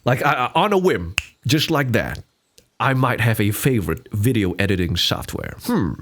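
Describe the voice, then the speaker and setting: A man in his twenties from Singapore hosts a casual solo podcast, rambling with frequent fillers and restarts and laughing often. His medium-pitched voice is very animated and a bit bright, at a moderate pace.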